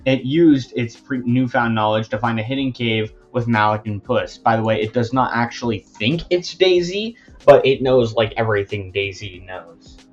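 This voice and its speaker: A man's voice: mid-range voice, moderate pace, hardly any pauses. A young man narrates a story casually, rambling and chatty with many asides. His voice sits mid-range for a man. A muffled lo-fi mic and faint music sit behind him. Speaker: fan storyteller.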